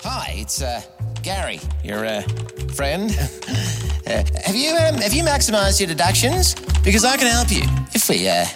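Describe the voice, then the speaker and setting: A woman's voice: mid-range voice, wildly swooping pitch, over music. A woman doing an awkward, fumbling accountant guy. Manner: hesitant, halting with fillers. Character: awkward male accountant named Gary. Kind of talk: radio ad skit.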